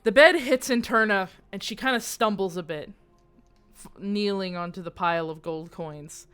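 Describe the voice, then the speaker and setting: A woman's voice: mid-range voice, moderate pace, fairly bright tone, clear, resonant tone, faint music behind. A woman running a tabletop game, narrating at an easy pace and swearing casually out of character. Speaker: game master.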